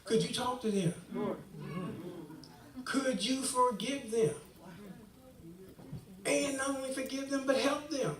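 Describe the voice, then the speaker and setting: A man in his sixties giving a church testimony, an animated storyteller who acts out the dialogue he quotes. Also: very high voice, slow pace, pauses often. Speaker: guest speaker giving testimony. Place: church hall, live stream. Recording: echoey hall, distant mic.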